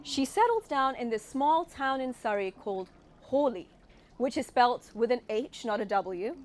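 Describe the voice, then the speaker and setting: A British-raised woman in her forties doing a stand-up set, with a British accent softened by California and a wry, punchline-driven way of telling stories. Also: on the high side, animated, unhurried. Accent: British with a slight Californian tinge. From United Kingdom. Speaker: stand-up comedian.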